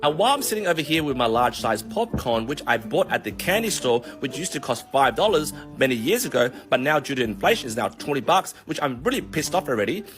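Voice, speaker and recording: A man on a comedic, profane rant, telling a long analogy in an animated way. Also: medium pitch, fast talker, hardly any pauses, soft background music. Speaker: vlogger.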